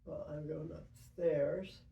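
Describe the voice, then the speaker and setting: A woman's voice: low-pitched, fairly even intonation, slow pace, creaky, dark tone, far from the mic. An older grandmother teasing a pet parrot in mock-hurt banter. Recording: roomy, from off-mic.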